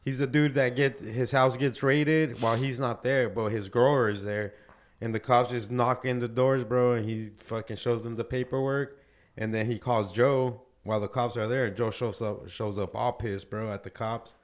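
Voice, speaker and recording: A man's voice: medium pitch, steady tone, moderate pace. A man hosting a podcast, chatting and telling profane stories full of slang. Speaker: podcast host. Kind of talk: casual chat.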